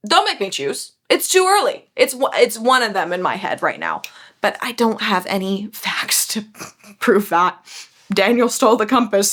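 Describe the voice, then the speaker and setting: A woman, talking casually at home in the evening as she works through a mystery novel, chatty and self-mocking. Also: mid-range voice. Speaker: book vlogger. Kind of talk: casual chat reading a mystery aloud.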